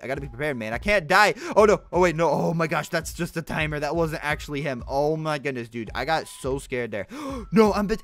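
A young man talks through his gameplay in a quick, casual way, his voice sitting a little high. It swoops up and down, and he jumps into high yelps whenever things go wrong, filling his talk with like and bro. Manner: excitable, bursts into high yelps when losing; says like and bro a lot. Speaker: gaming YouTuber.

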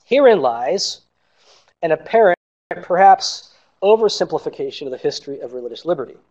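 A man's voice: fairly high pitch, sing-song, darkish tone. Man reading an academic paper. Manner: measured reading with quotes marked aloud. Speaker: scholar presenting a conference paper. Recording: dull lo-fi recording.

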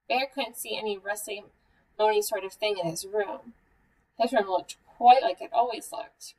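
A woman hosting a children's story time, reading a picture book aloud in a gentle, measured way. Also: mid-range voice, breathy edge. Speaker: museum story time host. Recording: voice a bit far from the mic.

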